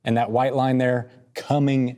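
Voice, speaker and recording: A man co-hosting a podcast, talking through market charts in a casual, quick, joking way. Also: mid-range voice. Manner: quick, joking, lively, laughs between points. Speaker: podcast co-host. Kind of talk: casual market analysis chat.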